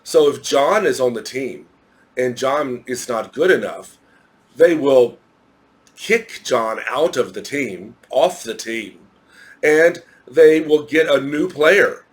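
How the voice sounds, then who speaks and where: A man with an American accent walks through a grammar lesson at an unhurried, deliberate pace. He explains each point step by step and spells words out letter by letter for his students. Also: medium pitch, expressive. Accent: American English. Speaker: English teacher. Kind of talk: recorded English grammar lesson.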